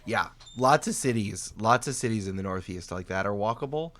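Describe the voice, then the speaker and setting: A man from New York State chatting casually as a podcast guest, telling animated stories with quoted outbursts. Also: lowish voice, fairly quick.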